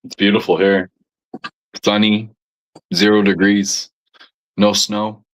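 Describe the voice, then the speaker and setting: A man's voice: on the low side, flat delivery, slow pace. Man, laid-back, swears a lot, joking banter. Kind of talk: casual banter.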